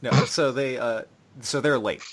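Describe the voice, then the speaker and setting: A man's voice: mid-range voice, unhurried. A young man co-hosting a casual podcast, recapping an anime and acting out its characters' lines in shifting voices. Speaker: podcast co-host.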